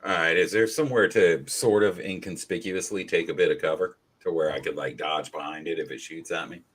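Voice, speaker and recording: Very deep, forceful male player. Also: fairly even intonation, a little fast, slightly rough. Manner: hesitant, filler-heavy. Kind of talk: playing a tabletop game.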